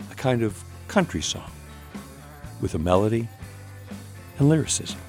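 A man's voice: on the low side, darkish tone. A male public radio host introducing and interviewing an author, in a polished, announcer-like way.

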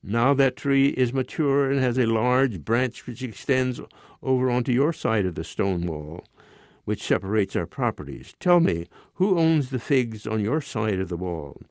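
A man's voice: medium pitch, lively intonation, a little slow, no echo. A man in his nineties reading a storybook role, voicing a pompous former cavalry lieutenant who lectures condescendingly. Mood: lecturing. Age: 90s. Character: pompous self-important male ex-cavalry lieutenant.

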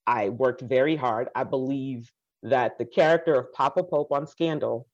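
A woman's voice: extremely low pitch, normal speed. Passionate Haitian-born woman storyteller. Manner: passionate, animated, acts out quoted voices. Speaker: speaker telling her life story. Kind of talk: personal storytelling talk. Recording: dull lo-fi recording.

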